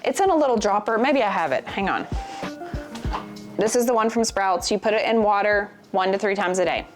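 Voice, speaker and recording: A woman's voice: mid-range voice, a little fast, soft background music. A young adult woman with a Southern US accent, chatting candidly as she sorts through her pantry and jokes as she goes. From American South. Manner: chatty, candid, jokey asides. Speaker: vlogger. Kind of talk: casual chat while decluttering.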